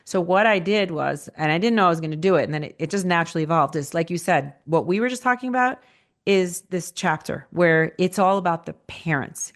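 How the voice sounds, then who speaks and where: A woman's voice: lowish voice, fairly quick. A woman author being interviewed, talking in a casual, conversational way and often tagging her points with "right?". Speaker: author guest.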